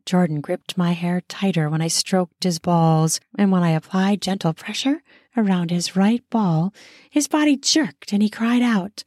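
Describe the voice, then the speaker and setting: A woman narrating a first-person erotic audio story in an intimate, soft, drawn-out manner. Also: fairly low pitch, dry recording, clean studio sound.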